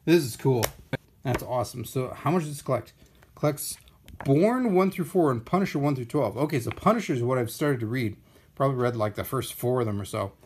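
An excitable man hosts a casual live-stream unboxing. His voice sits at an ordinary middle pitch, and he talks playfully to viewers, gushing over each comic he pulls out. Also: a little fast, husky. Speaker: unboxing video host.

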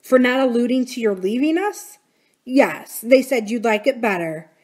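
Picture an earnest, fretful housekeeper, lifting her voice higher in alarm as she questions and pleads, as a woman reading a novel aloud puts her on. The voice is fairly high for a woman and stays plainly her own, with startled, searching questions. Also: expressive, moderate pace, a little mellow. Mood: anxious. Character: anxious kindly middle-aged housekeeper woman.

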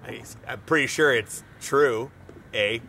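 A man's voice: a little high, expressive, fast talker, heavy background noise, close to an everyday voice. A man putting on a folksy, rambling stereotype of a Canadian guy who drawls and ends his lines with "eh".

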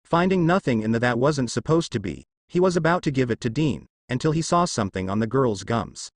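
A man narrating a fan fiction story in an expressive reading style. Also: medium pitch, brisk, hardly any pauses, no room sound.

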